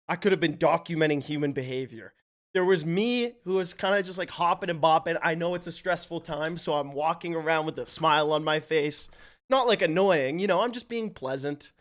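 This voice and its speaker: A man livestreaming, telling stories and chatting casually with his viewers, animated and loose with swearing. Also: a little high, a little fast. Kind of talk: casual chat with stream viewers.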